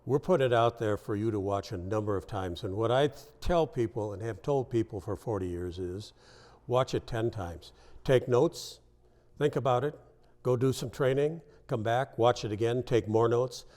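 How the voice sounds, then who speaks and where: A man's voice: medium pitch, moderate pace, a little mellow. A man introducing a dog training video clip and giving plain advice to viewers. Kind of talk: direct-to-camera introduction.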